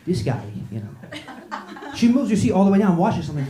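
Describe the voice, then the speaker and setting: His voice sits high and moves in a sing-song way, quick and mellow. The man is a stand-up comedian doing a profane set in a small comedy club, brashly riffing with the crowd. The recording captures an echoey, noisy live room.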